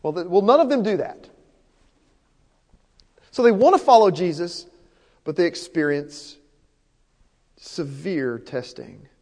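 A man's voice: sits high, slow, long pauses, a little mellow. A man preaching a sermon as pastor, earnest and repeating his key points for emphasis. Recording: long hall reverb.

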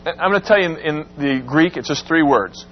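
A man teaching a Bible class, asking the class questions and acting out the quoted lines in a dramatic voice. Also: brisk. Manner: questions the class and acts out quotes with rising pitch. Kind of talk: interactive Bible class lecture. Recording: dull lo-fi recording with faint hum.

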